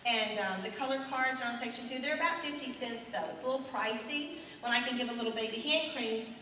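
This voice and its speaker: Bright-voiced woman speaking in an echoey hall. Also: a little high, brisk, slight background noise. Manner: animated and earnest, addressing the audience directly. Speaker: sales director speaking at a seminar. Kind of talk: motivational seminar talk. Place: large hotel meeting room. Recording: echoey hall recorded from far off.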